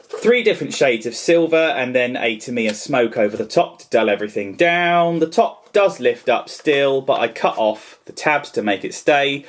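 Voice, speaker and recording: Rambling, self-deprecating man vlogging. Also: mid-range voice. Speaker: toy customiser and vlogger. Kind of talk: casual chatty vlog.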